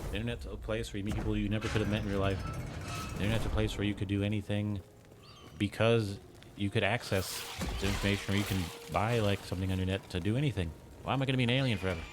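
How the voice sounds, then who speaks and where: Male streamer, loose rambling delivery, deeper voice, steady noise behind him. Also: racing. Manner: rambling, heavy use of "like", chuckles often. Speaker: game streamer. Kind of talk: casual rambling stream chat.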